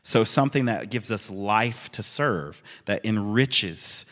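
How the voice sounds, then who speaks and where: A man's voice: lowish voice, animated, slow, a bit bright. Conversational male pastor in a reverberant hall. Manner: conversational, amused asides. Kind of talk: sermon.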